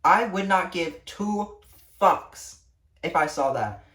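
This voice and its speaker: A woman's voice: on the low side, animated, slow, a bit bright. A teenage girl vlogging, ranting to camera with lots of swearing and exasperation. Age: teens. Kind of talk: casual rant to camera. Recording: echoey room, distant mic.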